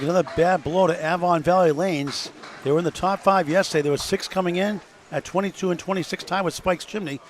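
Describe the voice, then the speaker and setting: A man commentating on bowling, rattling off scores, schedules and standings updates. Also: a little high. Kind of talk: live sports commentary. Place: bowling alley. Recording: noisy bowling alley broadcast.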